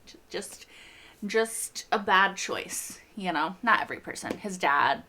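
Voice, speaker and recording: A young woman hosting a TV reaction video, chatting casually and getting excited with laughs and quick bursts. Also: lowish voice, slight background noise.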